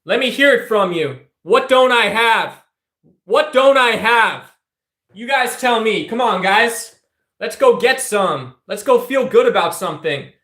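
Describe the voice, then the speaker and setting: Male streamer, high-pitched voice, roomy echo, confrontational rant to chat. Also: animated, unhurried, bright, forceful tone. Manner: heated, confrontational, addresses viewers directly. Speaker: political streamer. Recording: echoey room.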